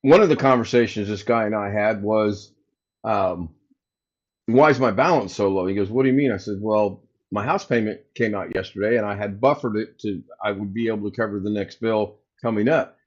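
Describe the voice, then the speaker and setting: Here the American host talks a little fast in a fairly low pitch, casually recounting a story to his live chat and voicing both callers in a phone conversation. It's a home livestream with slightly dull, lo-fi sound.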